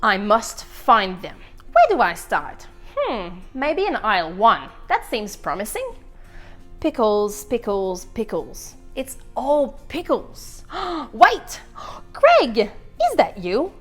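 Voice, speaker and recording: A woman's voice: a little high, wildly swooping pitch, slow pace, faint music behind, heavily acted. Shell, a woman doing a chatty little egg boy. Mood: searching. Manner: chatty, musing to himself, easily flustered. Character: chatty, anxious little male egg, loyal leader. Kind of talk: storytime read-aloud.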